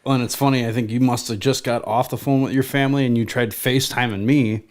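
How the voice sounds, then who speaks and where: A man's voice: mid-range voice, fairly even intonation, quick pace, background noise. Joking co-host man, casual. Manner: joking, wry asides. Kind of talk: casual chat.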